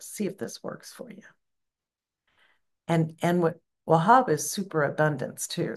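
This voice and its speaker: A woman with a low, slightly gravelly voice guides a devotional practice. She speaks slowly and gently, encouraging her listeners. Her tone is calm and unhurried. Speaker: spiritual teacher.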